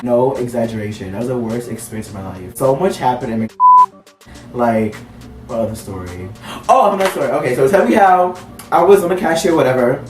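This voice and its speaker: A man's voice: medium pitch, animated, a little fast, far from the mic. A young man telling a casual story, rambling and leaning on "like" as he goes. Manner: rambling, heavy use of "like". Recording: roomy, off-mic with faint music.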